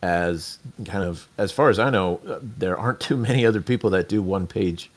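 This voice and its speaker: A man's voice: low voice, fairly quick. A man hosting a casual podcast interview, rambling a little and restarting his sentences. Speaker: podcast host.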